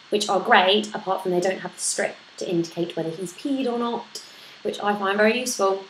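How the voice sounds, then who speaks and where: A young mum talks straight to camera in a relaxed, chatty way, laughing at herself now and then. Her voice sits at an ordinary pitch. The room rings with echo, and a faint hiss sits under it. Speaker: vlogger answering a parenting tag. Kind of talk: casual chat to camera. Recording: echoey room with faint noise.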